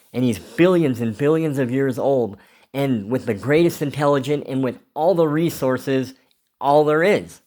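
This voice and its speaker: A man telling a rambling, emotional personal story in a casual confessional vlog, swearing freely. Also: medium pitch. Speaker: vlogger.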